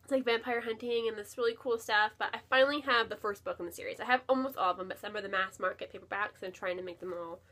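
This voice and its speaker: A woman's voice: medium pitch, quick pace, few pauses, sharp tone. A woman talking casually and enthusiastically at home, with lots of fillers and repeated words. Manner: chatty and enthusiastic, with many fillers and repeated "really". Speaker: book vlogger. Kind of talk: casual chat. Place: home, near her bookshelf.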